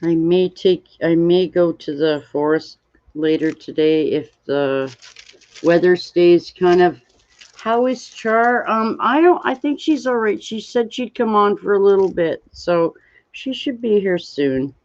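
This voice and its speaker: A tired, yawning woman hosts a casual livestream while she crafts, rambling slowly, greeting viewers and reading chat aloud. Her voice is on the low side and a little mellow, with lively intonation. The stream audio sounds dull and lo-fi.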